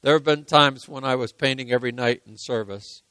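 A man preaching a sermon, repeating key lines for emphasis and moving between hushed and loud passages. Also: mid-range voice, fairly even intonation, fairly quick, clear, resonant tone, no room sound. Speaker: pastor.

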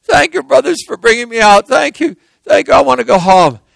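Young pleading captive, played by a man, high and raw. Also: lively intonation, brisk, vocal fry, a bit bright, no echo, heavily acted. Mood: relieved thanks. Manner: high, desperate crying out. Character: young man Joseph, boastful then pleading.

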